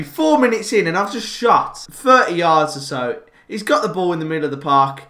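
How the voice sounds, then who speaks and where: Young Birmingham-accented gaming host, bright raised pitch, casual commentary. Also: male voice, normal speed, hardly any pauses. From England. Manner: chatty, excitable, shouts at goals. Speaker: gaming YouTuber. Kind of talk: gameplay commentary. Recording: roomy with game music behind.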